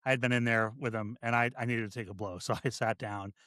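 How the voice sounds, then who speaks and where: Halting, reflective fire chief. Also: male voice, medium pitch, steady tone, bright, forceful tone, no echo, studio quality. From United States. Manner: halting and reflective, many restarts. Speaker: deputy fire chief, podcast guest. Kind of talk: casual podcast conversation.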